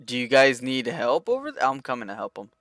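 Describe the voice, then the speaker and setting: Excitable young male gaming streamer. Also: medium pitch, a little fast, dry recording. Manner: excitable, rambling, talks to viewers. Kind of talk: live gameplay commentary.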